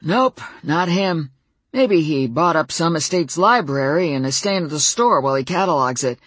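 A woman voicing a gruff, skinny old man with a sly, folksy drawl in an audiobook. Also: low-pitched, expressive, normal speed, no room sound. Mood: teasing.

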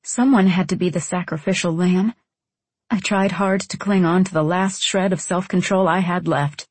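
Husky-voiced woman narrating an audiobook. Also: fairly low pitch, fairly even intonation, moderate pace, no echo. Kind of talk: first-person audiobook narration.

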